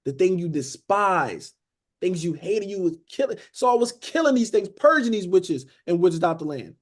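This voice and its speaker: A man with a high-pitched voice teaches a Bible study at a moderate pace, using a conversational sermon style. He's animated, breaking in to act out the characters and often saying "beloved" and "okay?".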